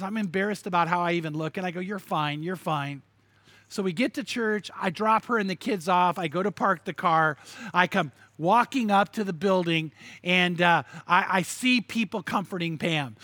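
A man's voice: high-pitched, moderate pace, pushed and bright, dry recording. A middle-aged man preaching a sermon, telling stories and repeating lines for emphasis. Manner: storytelling with quoted voices and emphatic repetition. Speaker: pastor.

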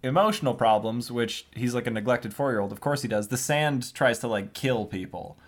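A man's voice: mid-range voice, fairly quick. A man hosting a casual podcast chat, rambling through a recap, laughing and swearing freely. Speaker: podcast host.

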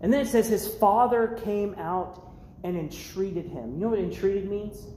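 Male youth preacher, very high voice, animated and casual, echoey church hall. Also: measured pace, a little hiss or hum. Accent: American. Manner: animated, acts out the characters' lines, casual slang. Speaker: youth pastor. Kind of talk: sermon.

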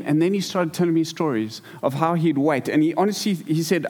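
Animated man preaching a sermon. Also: fairly high pitch, fast, hardly any pauses. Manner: storytelling, animated, repeats words. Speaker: pastor. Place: church hall.

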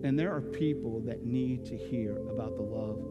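A man's voice: medium pitch, normal speed, lo-fi sound. A male pastor giving a sermon in a church, talking to his listeners casually and asking rhetorical questions. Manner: conversational preaching with rhetorical questions. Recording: reverberant church hall with loud music.

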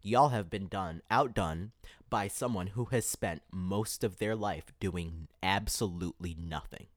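A man with a low, unhurried voice hosts an opinion podcast, delivering an emphatic commentary monologue peppered with rhetorical "right?" questions. The sound is clean studio quality, with no echo.

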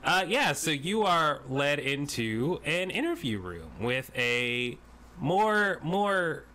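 A man narrating a tabletop game as game master, animated and rambling. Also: a little high, slow.

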